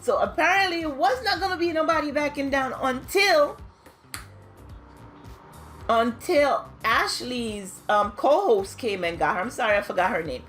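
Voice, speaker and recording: A chatty woman with a fairly high voice recaps a reality show in a casual, gossipy way. She acts out the cast's lines in high squeals. Soft music plays faintly behind her. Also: animated, moderate pace. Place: home, New York.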